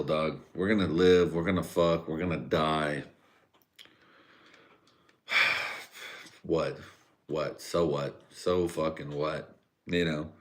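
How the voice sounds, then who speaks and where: A man from Central California hosting a live stream, rambling through a profane casual rant with crude jokes and frequent laughter. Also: low-pitched.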